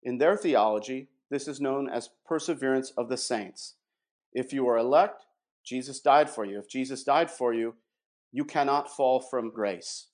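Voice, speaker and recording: A man at a mid pitch, speaking in a measured, emphatic way as he lays out a point of doctrine. He slows down to stress key words and reads passages aloud. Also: darkish tone. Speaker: guest presenting doctrine. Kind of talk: explanatory theological talk with read quotations.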